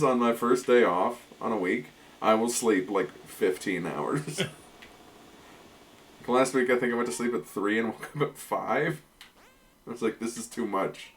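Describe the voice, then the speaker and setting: A man's voice: mid-range voice, a little slow. A young man streaming a game with a friend, joking and laughing as he talks. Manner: joking, laughs often, slips into silly voices. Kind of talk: casual gameplay chat.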